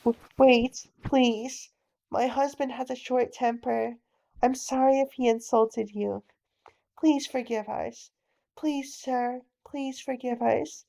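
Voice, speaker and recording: A woman voicing a gentle, pregnant mother who pleads softly, in a bedtime-story audiobook reading. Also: on the high side, steady tone, takes it slowly, vocal fry. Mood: pleading. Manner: soft, pleading.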